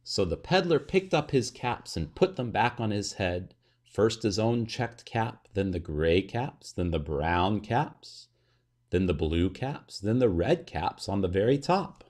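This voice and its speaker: A man reading a children's picture book aloud in an expressive, sing-song way. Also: lowish voice, measured pace. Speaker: storybook reader.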